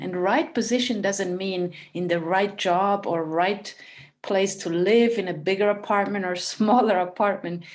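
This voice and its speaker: A woman giving a calm, reflective spiritual talk as a teacher. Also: mid-range voice.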